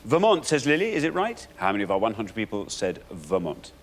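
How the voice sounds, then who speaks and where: A man's voice: fairly low pitch, huge pitch swings, a little fast. A man hosting a quiz show, announcing with playful, theatrical energy. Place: TV studio with audience.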